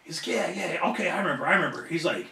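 A man in an interview, telling a wrestling story in a casual, profane, animated way and acting out the voices of other people. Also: a little high, racing, creaky. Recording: roomy echo, somewhat off-mic.

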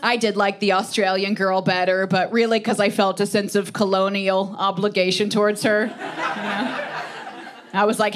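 A woman in her thirties performing stand-up comedy, with an animated, punchy delivery and acted-out quotes. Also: medium pitch. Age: 30s.

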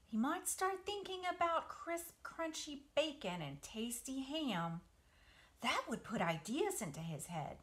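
A woman's voice: sits high, very animated, measured pace, a bit bright, pitched above the performer's own voice, heavily acted. A woman voicing a patient, clever, motherly female spider in a children's story reading.

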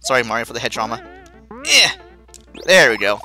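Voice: medium pitch, rapid-fire, sharp tone. A let's play host giving self-mocking gameplay commentary, with sudden panicky outbursts. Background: faint game music.

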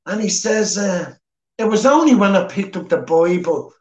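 A man's voice: high-pitched, animated, moderate pace, darkish tone. A man with a Dublin Irish accent telling his personal testimony at church in an earnest, plain-spoken way. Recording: echoey church hall.

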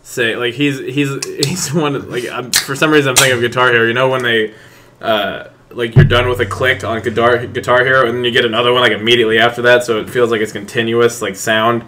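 A man's voice: mid-range voice, little pitch movement, brisk, sharp tone, a little hiss or hum. A man hosting a podcast, joking casually and putting himself down. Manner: joking, self-deprecating, laughs a lot. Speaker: podcast host. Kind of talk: casual chat.

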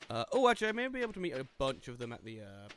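A man's voice: mid-range voice, wildly swooping pitch, very fast, heavy background noise. A man hosting a let's-play, chatting casually and joking at himself as he plays. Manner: casual, self-mocking chatter. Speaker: gaming channel host. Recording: game music behind the voice.

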